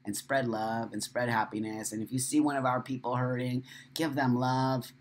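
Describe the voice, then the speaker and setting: A man hosts a casual live stream from his computer at home, blunt and passionate, with plenty of swearing. He is emotional and open after a crying spell. His pitch sits in a middle range. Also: little pitch movement, moderate pace, a little hiss or hum. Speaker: live show host. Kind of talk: casual livestream talk.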